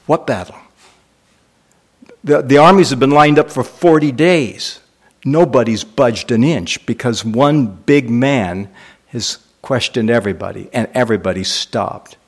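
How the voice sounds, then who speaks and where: A man's voice: mid-range voice, unhurried. A man delivering a sermon as pastor, emphatic and repetitive, asking rhetorical questions.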